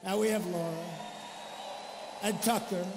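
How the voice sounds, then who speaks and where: An older man speaking at a campaign rally in a high, strained register. He boasts, repeats short phrases, and drifts into off-the-cuff asides. His voice rings through a big echoing arena over a faint crowd murmur. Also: fairly even intonation, unhurried, background noise. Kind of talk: political rally speech.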